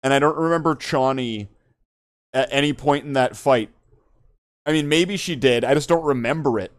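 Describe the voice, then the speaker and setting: A man's voice: medium pitch, moderate pace. A man hosting a podcast in casual chat, rambling and joking, swearing freely. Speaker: podcast host.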